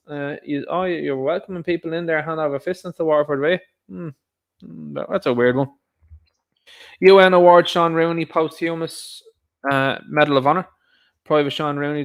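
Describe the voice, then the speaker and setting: An Irish man giving indignant, sarcastic commentary on news headlines, addressing his viewers as lads. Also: a little high. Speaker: vlogger, commentator.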